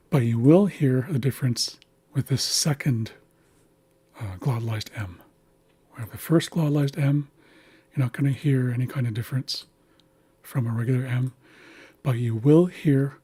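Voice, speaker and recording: Slow, breathy man teaching pronunciation. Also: mid-range voice, warm tone. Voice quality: very breathy, husky. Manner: patient, deliberate, models words slowly and repeats them. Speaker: language teacher. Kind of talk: slow instructional walkthrough.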